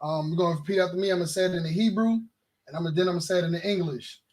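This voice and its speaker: Prayer leader, man, high voice, calm instructive commands to a class. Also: rapid-fire. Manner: instructive, giving commands to a group. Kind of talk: leading call-and-response prayer.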